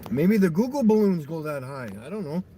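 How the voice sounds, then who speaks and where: High-voiced man rambling jokes. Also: fairly quick, slight background noise. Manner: joking, rambling flat-earth banter. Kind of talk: casual chat.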